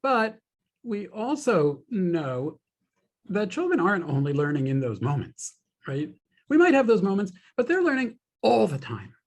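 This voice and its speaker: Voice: mid-range voice, wildly swooping pitch, measured pace. A host asking a long, rambling question on a video call, thinking aloud along the way. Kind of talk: conversational interview questions.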